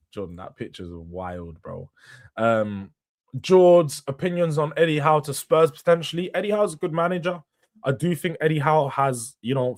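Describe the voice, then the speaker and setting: A young man, hosting a casual late-night football live stream, slangy and animated, laughing as he reads viewer comments. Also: medium pitch. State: tired, yawning late at night. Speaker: host.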